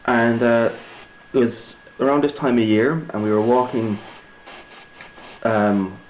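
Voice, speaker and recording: A man's voice: medium pitch, slow, a little mellow, slight background noise, poor audio. A young Irishman telling a story casually, rambling and digressive with many fillers and restarts. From Ireland. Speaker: vlogger.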